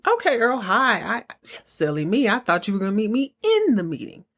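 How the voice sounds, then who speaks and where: A woman's voice: mid-range voice, wildly swooping pitch, brisk, fairly bright tone, voice pushed up, heavily acted. A woman voicing a weary, blunt wife who speaks frankly about her husband. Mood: awkward. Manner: frank, tired complaining.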